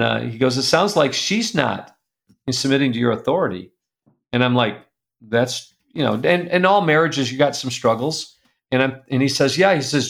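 A middle-aged man telling a personal story as a guest, earnest and confessional, going soft and quiet at the painful parts. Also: mid-range voice, creaky. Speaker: guest speaker.

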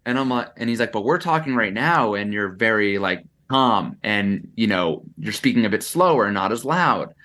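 A man's voice: fairly low pitch, animated, moderate pace, hardly any pauses, fairly bright tone. A young adult man as a podcast guest, chatting casually in a reflective way, with frequent fillers and restarts. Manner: reflective, talks in bursts with lots of "like" and restarts. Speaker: podcast guest, content creator.

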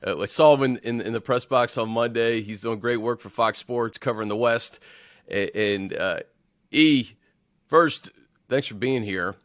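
A man's voice: medium pitch, a little slow, a bit bright, no echo, clean studio sound. A man hosting a sports talk show, often restarting his sentences as he runs through team news. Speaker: host.

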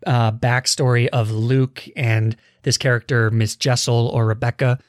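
Man, twenties, podcast host, casual chat, dry close sound, medium pitch. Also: flat delivery, a little slow, dry recording. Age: 20s. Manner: chatty, runs a quiz game on the co-host.

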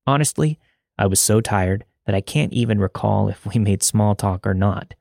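A man hosting a podcast, reading a listener's horror story aloud in a steady, conversational way on a close mic. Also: fairly low pitch, moderate pace, creaky, no room sound. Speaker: podcast host and narrator.

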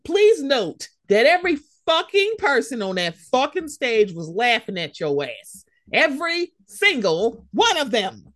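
A woman co-hosting a podcast, chatting casually and laughing a lot, with slangy, animated talk and quick bits of mimicry. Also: sits high. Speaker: podcast co-host. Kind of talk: casual gossip chat.

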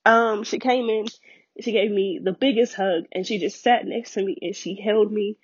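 A podcast host with a husky voice tells a personal story at a moderate pace, acting out quoted voices with big pitch jumps and laughing often. She grows emotional, near tears at times, and the audio is lo-fi with no room sound.

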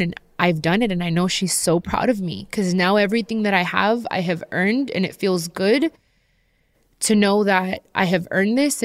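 A woman's voice: medium pitch, vocal fry, no echo, studio quality. A woman in her thirties talking candidly to her viewers, heartfelt and emotional as she shares a personal story. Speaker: vlogger sharing personal story.

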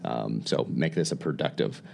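A man's voice: extremely low pitch, normal speed, creaky, a little mellow. A man who is a guest on a podcast, talking candidly and casually, with many restarts and easy laughs. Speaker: guest, former special operations instructor.

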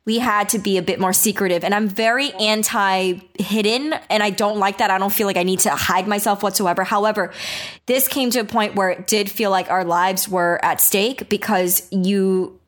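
A woman's voice: medium pitch, fairly even intonation, moderate pace. Candid young woman chatting casually. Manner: candid, swears freely, many fillers. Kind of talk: casual chat.

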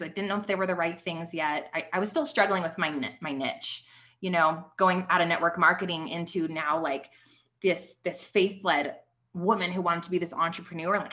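A young adult woman telling her faith story on a podcast, animated and chatty with lots of filler words. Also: on the low side. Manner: animated storytelling with many likes. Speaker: podcast guest. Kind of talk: casual testimony.

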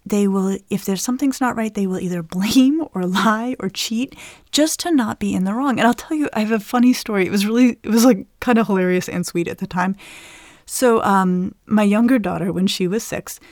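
A middle-aged woman, a parenting expert guest, explains child development in lively conversation with an occasional laugh. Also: medium pitch, fairly quick, dry recording, clean studio sound.

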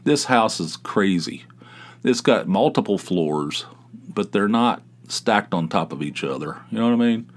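A man's voice: on the low side, expressive, a little slow. A middle-aged man from West Virginia hosting a podcast from his home office, telling stories in a rambling, self-deprecating way with many asides and restarts. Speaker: podcast host. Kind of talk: casual storytelling monologue.

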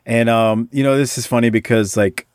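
A man hosting a podcast, talking casually in an animated, rambling way with lots of restarts. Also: mid-range voice, moderate pace, clean tone, dry recording, studio quality. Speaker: podcast host. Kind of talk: casual chat.

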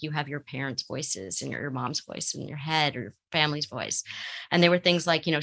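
A middle-aged woman speaks as a therapist, her voice low-pitched yet bright. She talks calmly and reflectively. She explains her points through examples. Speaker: therapist guest. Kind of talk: advice talk on a call-in show.

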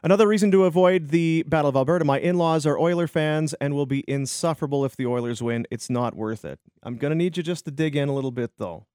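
Joking sports radio host. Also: male voice, a little high, fast, few pauses, a little mellow, clear, resonant tone, dry recording, studio quality. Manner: loose, joking, reads sponsor spots. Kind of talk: casual sports radio banter.

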